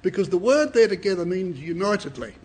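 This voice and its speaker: Animated, husky male preacher. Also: sits high, brisk. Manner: animated, dramatic scripture reading with rhetorical questions. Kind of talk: Bible study sermon.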